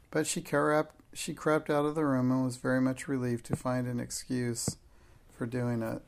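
A man narrating a storybook in a measured, even manner. His voice sits at a middling pitch with a gravelly, creaky texture. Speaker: audiobook narrator.

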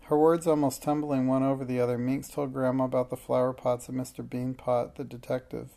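A reader narrating a children's storybook aloud in a steady, unhurried way, with small slips. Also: mid-range voice, creaky.

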